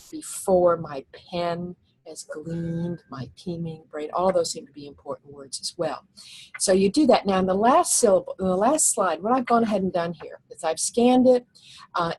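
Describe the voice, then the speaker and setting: A woman's voice: medium pitch, normal speed, slightly rough, poor audio. A woman teaching a recorded lecture over slides, explaining step by step with frequent fillers and restarts.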